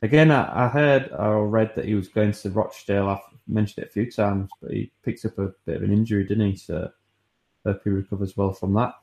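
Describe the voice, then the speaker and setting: Low, mellow-voiced man co-hosting. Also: steady tone, a little fast, vocal fry. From not from Newcastle. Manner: reads through listener mentions, hesitant fillers. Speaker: podcast co-host. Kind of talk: casual chat.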